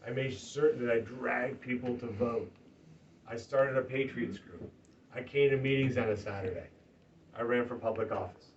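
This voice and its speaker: A man's voice: mid-range voice, normal speed, slight background noise. Man giving an emphatic campaign speech. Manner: emphatic, swings from loud rallying to hushed earnest. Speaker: political candidate. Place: party office meeting room. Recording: distant lo-fi room recording, faint ambience.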